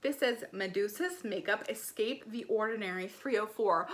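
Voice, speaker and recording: A woman beauty vlogger gushing through an excited unboxing, gasping often and filling her talk with "like" and "oh my gosh.". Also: fairly high pitch, fairly quick, hardly any pauses, slight background noise. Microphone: ring light setup, desk camera.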